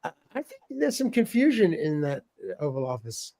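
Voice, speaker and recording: This middle-aged livestream host has a creaky voice that sits a bit high for a man, and he speaks at a moderate pace. He greets viewers by name and reads their comments in a chatty way, chuckling frequently and tripping over and repeating words.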